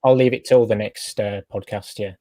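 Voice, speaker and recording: A man's voice: lowish voice, steady tone, moderate pace, mellow. A man hosting a casual gaming podcast, talking hesitantly with many fillers. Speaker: podcast host.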